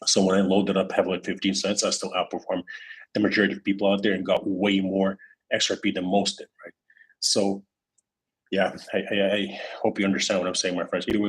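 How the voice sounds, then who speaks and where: A man hosts a casual livestream in a deep, husky voice. He rambles along with plenty of fillers and false starts, reading out viewers' comments as he goes. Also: low-quality recording. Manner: rambling, many fillers and restarts, reads chat comments aloud. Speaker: crypto livestream host.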